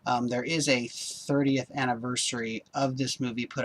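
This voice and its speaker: Laid-back guy reviewing a disc, mid-pitched, chatty, full of filler words. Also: normal speed, hardly any pauses, slight background noise. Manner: rambling, lots of ums and uhs; relaxed, upbeat. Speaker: home-video reviewer. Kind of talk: casual video review.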